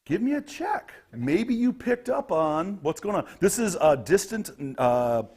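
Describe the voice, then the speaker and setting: A man's voice: high voice, sing-song, unhurried, darkish tone, slightly rough. A man running a tabletop game as game master, narrating the scene vividly.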